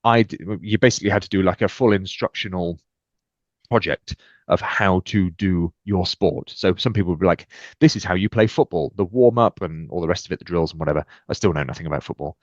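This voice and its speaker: Speaking fairly quickly, a deep-voiced British guest on a laid-back podcast recounts personal anecdotes with energy and performs the quoted exchanges with lively shifts. The audio is close and dry, with no room sound, and has a dull, muffled quality.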